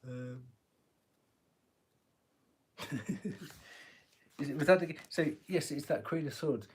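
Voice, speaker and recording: A man's voice: on the high side, slow, slight background noise. A man giving a live-stream tarot reading, chatty and joking, laughing often and swearing casually, talking into a phone. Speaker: tarot reader.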